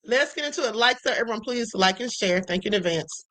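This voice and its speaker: Sassy high-voiced woman host. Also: animated, quick pace, a bit bright. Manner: sassy, emphatic, calls viewers honey. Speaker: livestream show host. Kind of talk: opinionated commentary to viewers.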